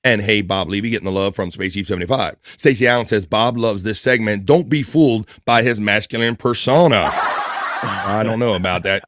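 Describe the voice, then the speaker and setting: A man's voice: lowish voice, normal speed, noisy background. A man hosting a casual livestream, playfully teasing and reading viewer comments aloud. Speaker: livestream host.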